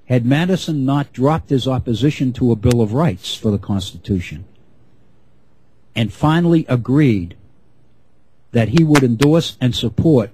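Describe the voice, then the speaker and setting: A middle-aged man giving an unscripted history lecture, measured and often restarting his phrases. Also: mid-range voice, dark tone, slightly rough, rough recording.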